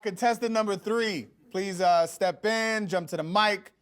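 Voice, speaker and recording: A man's voice: high voice, measured pace. A man hosting and announcing an open-mic audition in an announcer style. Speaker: show host. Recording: loud background noise.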